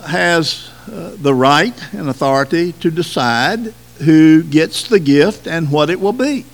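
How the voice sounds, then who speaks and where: A man preaching a sermon at an unhurried, measured pace. His voice sits a little higher than most men's, and he leans into key words with slow emphasis. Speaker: pastor.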